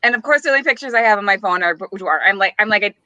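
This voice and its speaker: A woman's voice: medium pitch, expressive, very fast, pushed and bright, no echo, muffled recording. A woman co-hosting a podcast, telling a story in casual chat and laughing often. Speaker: podcast co-host.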